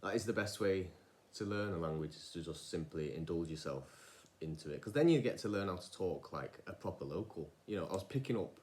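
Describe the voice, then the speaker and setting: In a low, expressive, slightly mellow voice, an English young man vlogger talks fairly quickly in a podcast-style monologue. He rambles and often drifts off track, with plenty of restarts and fillers.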